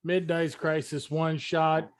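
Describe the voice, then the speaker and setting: A man running a tabletop game as game master, halting with many fillers and easily amused. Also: on the high side, flat delivery, smooth.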